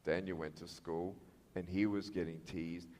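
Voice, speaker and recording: A man with an Australian accent giving a motivational speech, telling stories in an animated way with sound effects and acted-out dialogue, in a large hall. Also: low-pitched, normal speed. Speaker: motivational speaker. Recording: echoey hall reverb.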